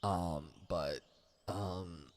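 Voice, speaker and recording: A man's voice: sits low, drawn-out words. A man hosting a casual late-night livestream from home, chatting in a loose, rambling, candid way and swearing freely. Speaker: livestream host.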